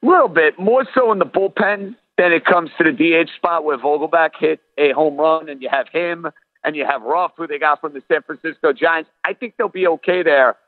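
A man's voice: fairly high pitch, a little fast, dry recording. Man on a tinny phone line. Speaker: guest analyst. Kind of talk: casual sports talk.

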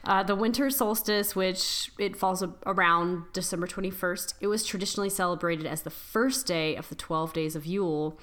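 A woman's voice: on the low side, a bit bright. A woman co-hosting a podcast, casually reading folklore from her notes and stumbling over words now and then. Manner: reads from notes with halting restarts. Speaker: podcast co-host.

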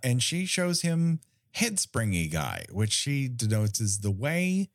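A man's voice: mid-range voice, big pitch swings, slow, no echo, studio quality. A man co-hosting a casual movie recap podcast, wry and joking, with casual swearing and frequent laughs. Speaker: podcast co-host.

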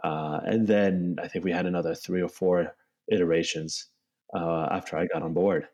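A man's voice: sits low, steady tone, normal speed, a little mellow. A man as a company co-founder in a casual interview, talking in long loose runs full of "you know" and "right?". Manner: rambling, many "you know" and "right?" tags. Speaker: bike company co-founder, guest.

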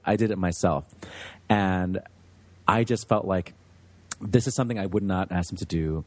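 Restaurant owner, male, German native, low-pitched, dry close sound, chatty storyteller. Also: no room sound. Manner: chatty, animated storyteller, laughs easily. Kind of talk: podcast interview.

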